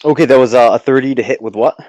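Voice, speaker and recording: Man, game master, tabletop game narration, casual then dramatic, mid pitch, dry close sound. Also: very fast, a little mellow, no echo, low-quality recording.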